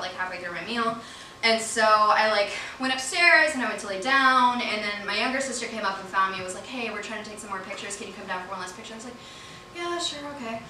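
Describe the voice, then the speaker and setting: Woman stand-up comic, bright and loose, profane; live club mic, roomy and a bit distant. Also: medium pitch, a little hiss or hum. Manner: casual, profane, swings from quick mumbles to loud laughing outbursts. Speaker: stand-up comedian. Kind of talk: stand-up comedy set. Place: comedy club stage.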